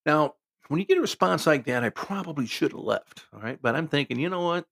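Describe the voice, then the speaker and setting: A man with a gravelly, creaky voice telling a story in a loose, conversational way. He starts over often and drifts into asides as he talks. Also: a little high, animated, fairly quick, fairly bright tone. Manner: rambling, conversational, with many restarts and asides. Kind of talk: casual spoken storytelling.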